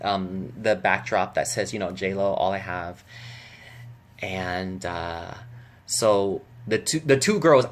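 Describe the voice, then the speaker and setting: A man vlogging to camera, telling a story in a chatty, animated way with many fillers and restarts. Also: fairly low pitch.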